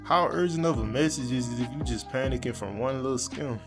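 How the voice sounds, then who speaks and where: A man's voice: mid-range voice, brisk, music in the background. A young man reviewing a movie in a casual, crude and sarcastic manner, full of profanity. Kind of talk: casual video commentary.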